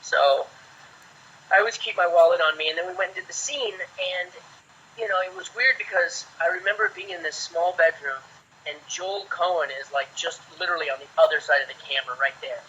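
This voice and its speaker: A man in his forties, an actor guest, telling chatty, lively anecdotes in a casual way. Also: high voice, a little fast, a little hiss or hum. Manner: lively, chatty, acts out quotes. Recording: dull lo-fi sound.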